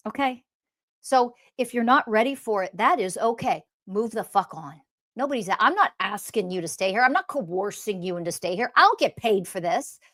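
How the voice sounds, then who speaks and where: A woman hosting her own podcast, ranting bluntly and profanely about spirituality, swinging between loud outbursts and quiet, calm stretches. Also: on the high side. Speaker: podcast host and spiritual teacher. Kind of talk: impassioned podcast rant.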